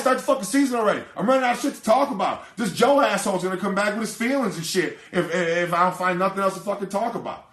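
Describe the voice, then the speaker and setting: A man's voice: high voice, fairly bright tone, reverberant. A man hosting a sports podcast, ranting casually with heavy profanity and heated outbursts. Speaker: podcast host.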